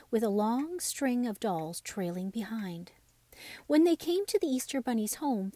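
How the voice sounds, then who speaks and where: A woman narrates a classic children's bedtime story in a gentle, expressive way. Her voice sits fairly high and the recording is dry and close. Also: dry recording.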